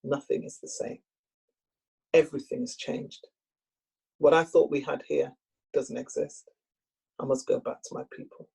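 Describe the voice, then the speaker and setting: A woman storyteller voicing a wounded wife who is resolved to leave, speaking softly and gravely. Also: extremely low pitch, fairly even intonation, unhurried, long pauses, exaggerated voice. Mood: grieved. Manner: soft, grave and firm.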